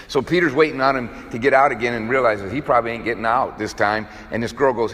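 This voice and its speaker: A man's voice: medium pitch, fast talker, fairly bright tone. A man preaching a casual sermon, telling the story in a folksy, conversational way with plenty of fillers. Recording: echoey hall with long reverb.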